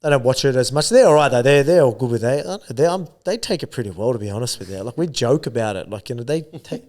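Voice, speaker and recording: A man's voice: medium pitch, animated, quick pace, darkish tone. An Australian man talking as an interview guest in a casual, rambling way, filling gaps with "you know what I mean". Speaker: guest athlete.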